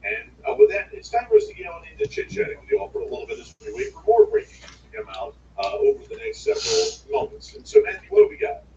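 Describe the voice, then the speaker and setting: A man's voice: extremely high pitch, wildly swooping pitch, fast talker, vocal fry. A man co-hosting a livestream, giving blunt, opinionated news commentary in a drawling, casual way. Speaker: livestream co-host. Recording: echoey room, far from mic, muffled, faint hiss.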